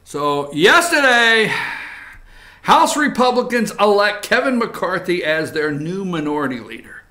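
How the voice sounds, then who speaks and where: An animated man hosting political commentary with a high-pitched voice. His tone is bright and forceful, mocking as he talks and dropping into muttered asides. He speaks in a casual, offhand way. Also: unhurried. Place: studio.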